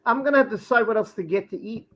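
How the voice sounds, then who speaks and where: A man's voice: sits high, rapid-fire, a bit bright, a little hiss or hum, rough recording. A man hosting a live stream from his home, chatting loosely while he eats and talks about his food. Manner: rambling, chatty, and talking with food. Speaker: livestream host. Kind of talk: casual chat while eating on a live stream.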